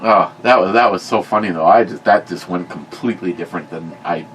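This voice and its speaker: A man telling a long story in casual chat, often stopping to correct himself and getting animated when he quotes people. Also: low voice, fairly quick, slight background noise, rough recording. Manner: rambling, self-correcting, animated when quoting. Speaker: podcast co-host.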